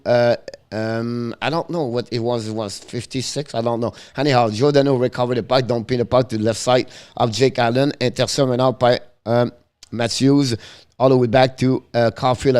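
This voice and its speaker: A man's voice: medium pitch, darkish tone, clear, resonant tone. Guy calling a hockey game, clean resonant voice, choppy broken english, lots of uhs. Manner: rapid clipped play calls in broken English, with frequent fillers and self-corrections. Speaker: play-by-play host. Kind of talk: live hockey play-by-play commentary.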